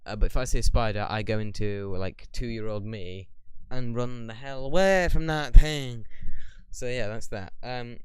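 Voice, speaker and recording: A man's voice: medium pitch, measured pace, clear, resonant tone, no room sound. A young man in a casual question-and-answer vlog, talking bluntly in a rambling, opinionated way. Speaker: YouTuber.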